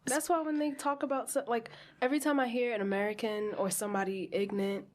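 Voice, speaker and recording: A woman's voice: on the high side, little pitch movement, quick pace. A young woman co-hosting a podcast, retelling a film in casual chat, swearing freely and laughing often. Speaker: podcast co-host.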